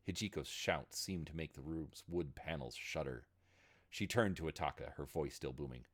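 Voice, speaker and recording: A man narrating a fantasy story in an expressive, dramatic reading. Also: rumbling low, normal speed.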